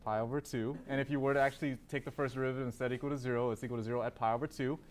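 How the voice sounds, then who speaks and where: A man's voice: mid-range voice, fairly even intonation, very fast. A man teaching a calculus class, asking students questions, then answering them himself and repeating key terms. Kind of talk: classroom lecture.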